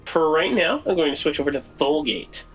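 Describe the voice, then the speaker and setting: A lively game master narrating a tabletop game. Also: medium pitch, a little fast, husky, muffled recording, soft background music. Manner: lively, chatty narration with fillers.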